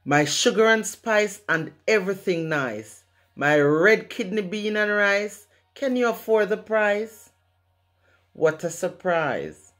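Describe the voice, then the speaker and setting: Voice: mid-range voice, slow, fairly bright tone. A speaker from Jamaica with a Jamaican accent, reciting a rhyming poem in a rhythmic way, using patois phrasing. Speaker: poet.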